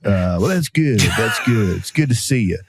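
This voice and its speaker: A man's voice: on the low side, expressive, moderate pace, noisy background. A man voicing a pompous older male Southern general with a genteel drawl. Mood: hearty.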